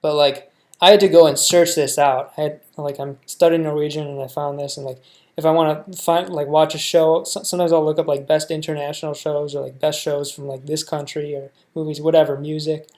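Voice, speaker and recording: A young American man reacting to a show, thinking out loud in a rambling way, full of fillers and restarts. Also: on the high side, flat delivery, fairly quick. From United States. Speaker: reaction video host. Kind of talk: casual reaction commentary.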